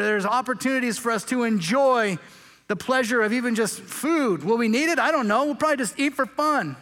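A man's voice: extremely high pitch, a bit bright. A man preaching a sermon as pastor, joking and casual, stumbling over words and restarting often. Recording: long hall reverb.

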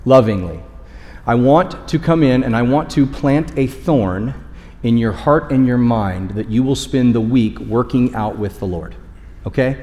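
A man's voice: mid-range voice, darkish tone. A man preaching a sermon as pastor, candid and conversational, often checking in with the congregation. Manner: candid, conversational, frequent "okay?" check-ins. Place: church auditorium. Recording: long hall reverb.

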